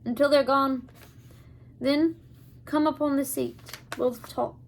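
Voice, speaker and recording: A woman reading aloud voices an old Scottish man, a friendly wagon driver, in a put-on Scottish accent with loud, emphatic delivery. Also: high-pitched, steady tone, slow. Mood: calm.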